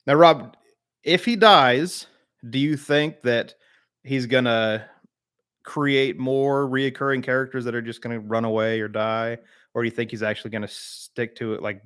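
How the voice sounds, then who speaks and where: A man's voice: medium pitch, steady tone, moderate pace, a bit bright, smooth. Southern guy rambling on a live stream, lots of uhs, answering chat by name. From Southern United States. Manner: rambling, filler-heavy, replies to chat by name.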